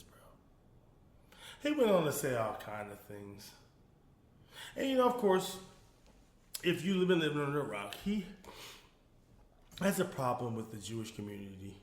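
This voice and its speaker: A man hosting a casual solo commentary show, animated, laughing often and talking straight to his viewers. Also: mid-range voice, echoey room. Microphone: phone.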